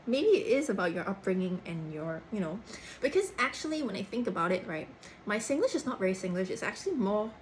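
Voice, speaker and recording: A young woman from Singapore with a Cantonese-tinged, third-culture Singaporean English accent, talking in a chatty, animated casual way. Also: medium pitch, a little fast, slight background noise, poor audio. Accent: Singaporean English with Cantonese influence, third culture. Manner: chatty, animated, frequent "like" and "lah". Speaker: actor. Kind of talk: casual chat.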